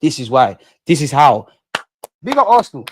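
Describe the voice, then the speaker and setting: A man's voice: fairly high pitch, normal speed, background noise. A young man, ranting and swearing in exasperation as a football fan channel host. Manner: animated, profane, exasperated ranting.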